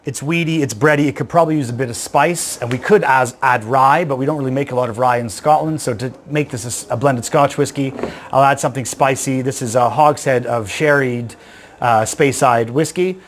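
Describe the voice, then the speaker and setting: A man's voice: medium pitch, brisk, slight background noise. A man with a Canadian accent giving a casual, joking whiskey-blending demonstration to camera. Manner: chatty and joking, with a dry, self-deprecating humor.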